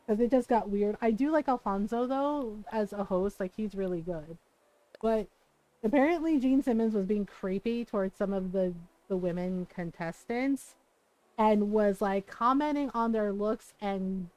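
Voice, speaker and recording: A woman's voice: mid-range voice, no room sound, low-quality recording. A woman streamer chatting casually while playing a game, telling stories animatedly, cursing freely and quoting people. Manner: animated storytelling, swears freely, quotes people in voices. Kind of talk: casual chat while gaming.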